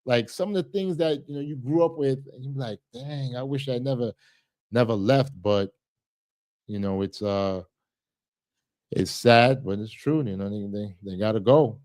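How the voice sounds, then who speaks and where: A man's voice: mid-range voice, lively intonation, normal speed, a little mellow, no room sound. A man hosting a casual livestream, reading comments aloud and rambling with repeated words and laughs. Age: 30s. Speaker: livestream host.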